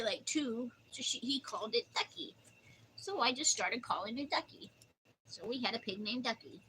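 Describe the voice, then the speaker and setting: A woman's voice: mid-range voice, pushed and bright, a little hiss or hum, rough recording. An older woman chatting casually on her livestream, rambling through stories and cooing at her dog. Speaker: livestream host.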